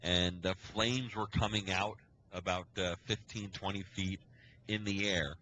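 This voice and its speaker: A man's voice: low-pitched, steady tone, measured pace, sharp tone, slight background noise, low-quality recording. A man, a scoutmaster, telling a long story on a casual podcast, acting out the quoted dialogue as he goes. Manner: rambling storyteller who acts out quoted dialogue.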